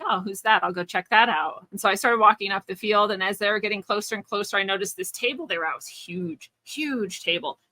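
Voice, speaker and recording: A woman's voice: medium pitch, sharp tone, no echo. A woman being interviewed as a spiritual teacher, telling a personal story in an earnest, searching way with frequent restarts.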